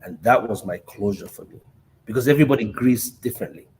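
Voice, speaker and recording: A man hosting a podcast, telling a personal story in a hesitant, halting way. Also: mid-range voice, noisy background. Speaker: podcast host. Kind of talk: conversational podcast talk.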